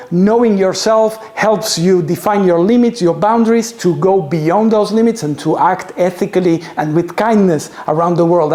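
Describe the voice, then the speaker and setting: A man's voice: sits high, darkish tone. A man giving a chatty live presentation to an audience in an office tower, joking and putting questions to the crowd. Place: event space in an office tower.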